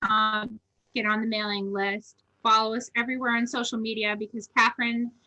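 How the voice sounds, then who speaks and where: Woman co-host, bright tense tone, slightly high voice, frank and loose. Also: flat delivery, fairly quick, low-quality recording. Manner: frank, swears casually, rambling. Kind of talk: casual chat.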